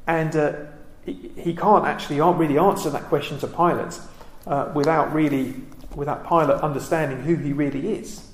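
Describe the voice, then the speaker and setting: A man giving a reflective Bible study talk, pausing often with ums and restarting his sentences. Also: on the high side, fairly even intonation, roomy sound, a little hiss or hum. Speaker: Bible teacher.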